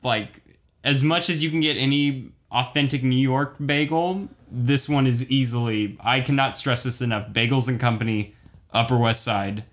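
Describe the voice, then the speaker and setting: A man's voice: medium pitch, moderate pace, fairly bright tone. A man in casual chat, recommending a place with emphatic enthusiasm.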